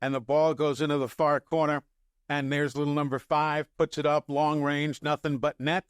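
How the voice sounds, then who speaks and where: An older man from the New York area, a sports broadcaster, casually telling animated stories on a podcast, chuckling as he quotes himself. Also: a little high, moderate pace, smooth, no room sound, clean studio sound.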